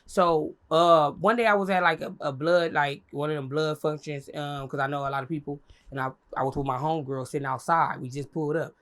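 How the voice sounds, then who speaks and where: A young woman telling a story as an interview guest, animated and profane, acting out what others said in a high voice. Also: fairly quick, hardly any pauses. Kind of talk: casual storytelling.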